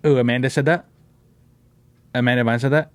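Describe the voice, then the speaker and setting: A man's voice: mid-range voice, steady tone, brisk, clean tone, no echo. Man, podcast host, brash, swearing, jokey, casual banter, dry sound. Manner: brash, swearing, lots of "bro" and "dude".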